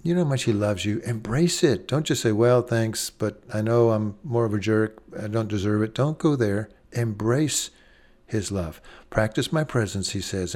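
A man preaching a sermon in an earnest way, slowing down and pausing, and dropping soft on key phrases. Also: fairly low pitch.

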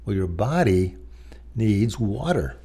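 A man's voice: on the low side, big pitch swings, slow, dark tone, slightly rough. A middle-aged man preaching a sermon in a conversational way, telling personal stories with many asides. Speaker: pastor.

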